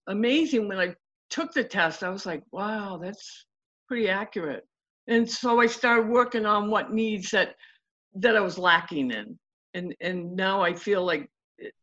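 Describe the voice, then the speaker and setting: A woman's voice: on the low side, muffled recording. A woman relationship coach in a casual interview, telling stories and acting out what her clients said. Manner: animated, acts out quotes of clients.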